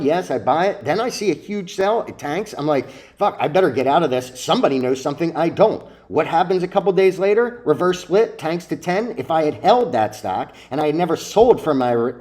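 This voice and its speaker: A man's voice: fairly high pitch, darkish tone. A man lecturing his viewers about trading in a blunt, profane, preachy way, full of rhetorical questions. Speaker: stock trading vlogger.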